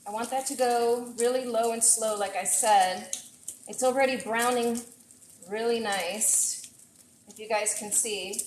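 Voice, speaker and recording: A woman chef hosting a casual live cooking stream, chatty and excitable as she greets viewers from her kitchen. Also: a little high, measured pace, slight background noise, poor audio. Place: home kitchen. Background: faint frying and sizzling.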